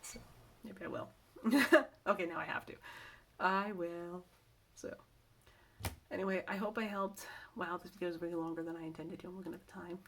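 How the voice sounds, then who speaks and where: A woman's voice: fairly low pitch, steady tone, moderate pace, creaky, long pauses, fairly bright tone, a little hiss or hum. A middle-aged woman chatting casually to camera in a vlog, rambling and self-correcting as she shares work-from-home tips. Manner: rambling, chatty, with many restarts and asides.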